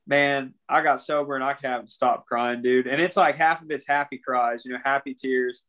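A young podcast guest discusses something painful openly and sincerely, his emotion showing as he repeatedly says "man." He speaks at a normal speed in a steady, mid-range voice with a fairly bright tone.

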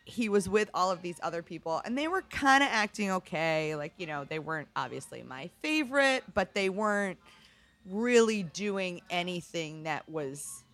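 A middle-aged woman bartender, a guest in a casual interview, shares work stories candidly and profanely, saying "like" constantly. Her lowish voice is expressive and fairly bright, at a moderate pace.

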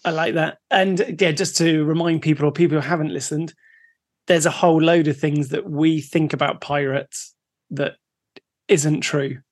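Podcast co-host, laid back, laughs a lot, voice on the higher side. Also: male voice, steady tone, normal speed. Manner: easygoing, laughs often, shares facts. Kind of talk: casual podcast chat.

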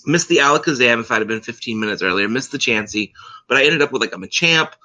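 A man's voice: medium pitch, animated, fast talker, sharp tone. A man co-hosting a casual podcast, rambling on with lots of fillers. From Central Florida. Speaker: podcast co-host. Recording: slightly dull lo-fi mic.

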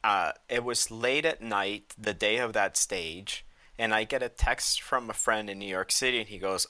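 A man's voice: fairly low pitch, normal speed, pushed and bright. A man in casual podcast chat, telling stories with animation and acting out the dialogue he quotes.

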